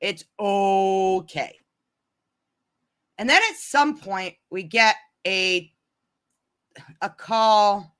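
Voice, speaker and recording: Bright-voiced woman rambling to viewers. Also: mid-range voice, animated, takes it slowly, pauses often, clean tone. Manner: rambling, many restarts and "you know"s. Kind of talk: casual storytime chat to viewers.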